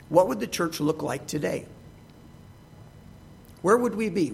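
A man's voice: on the high side, a little hiss or hum. A man preaching a sermon, reading scripture aloud and asking his listeners rhetorical questions.

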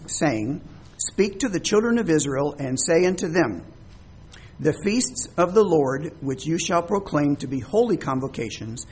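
A man's voice: a little high, breathy edge. A man preaching a sermon, explaining scripture words with everyday examples. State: coughing, throat troubled. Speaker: pastor.

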